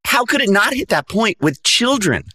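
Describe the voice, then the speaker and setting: A young man, an actor guest on a podcast, telling stories in a casual, animated way, full of fillers and acting out the people he quotes. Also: high voice, moderate pace. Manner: animated storyteller, acts out quoted voices, many fillers.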